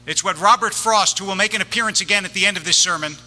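Bright-voiced rabbi preaching with wry humor. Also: male voice, sits high, fast, big-room sound. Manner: humorous storytelling, wry comic timing. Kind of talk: sermon.

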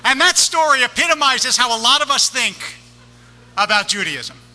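A man's voice: very high-pitched, animated, moderate pace, pushed and bright, long reverb tail. A man, a rabbi, giving a sermon in a synagogue, telling stories with wry comic timing.

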